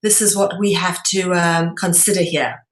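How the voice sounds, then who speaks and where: Female presenter, lecture delivery, measured and explanatory, hesitant fillers, roomy echo. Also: on the low side, steady tone. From South Africa. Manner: measured, explanatory, with frequent ums.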